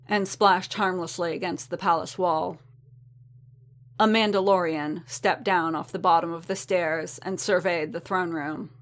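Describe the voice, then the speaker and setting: Brief: woman narrator, lowish voice, steady storybook reading. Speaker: reader.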